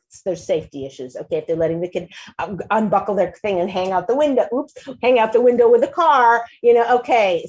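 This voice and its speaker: A woman hosting a talk show, giving casual advice in an animated way, often restarting sentences and acting out quotes in a higher voice. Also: lo-fi sound.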